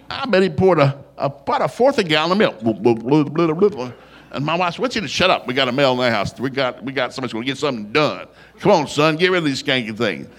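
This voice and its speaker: Older man, folksy humorous storyteller, animated, mid-range voice. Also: fairly quick. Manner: folksy, animated, gets loud and high when quoting himself.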